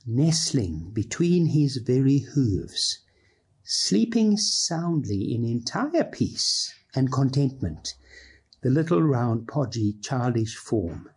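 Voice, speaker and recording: A man preaching a sermon, reading aloud expressively and slipping into casual asides, with a husky voice. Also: medium pitch, expressive, takes it slowly, a little mellow. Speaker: pastor.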